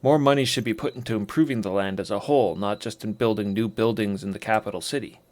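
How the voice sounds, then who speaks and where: A man's voice: lowish voice, quick pace, a little mellow, lightly acted. A man voicing a proud, boastful sword trainer. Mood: grumbling. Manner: formal, old-fashioned speech.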